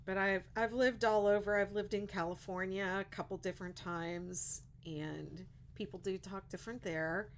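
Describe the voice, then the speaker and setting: A woman's voice: mid-range voice, slight background noise. A middle-aged woman with a Pittsburgh accent, hosting a casual crochet livestream, chatty and rambling and laughing at her own jokes. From Pittsburgh, USA.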